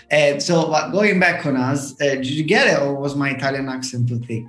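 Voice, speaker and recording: A man co-hosting a podcast who jokes around and asks questions in a halting way. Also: mid-range voice, a bit bright, faint music behind. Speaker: podcast co-host. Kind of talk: casual interview chat. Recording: roomy echo.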